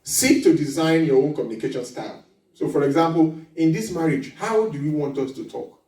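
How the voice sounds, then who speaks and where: Man, seminar speaker, animated, laughs a lot, acts out dialogues, far from the mic, echoey hall. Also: mid-range voice. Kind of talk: lively seminar talk.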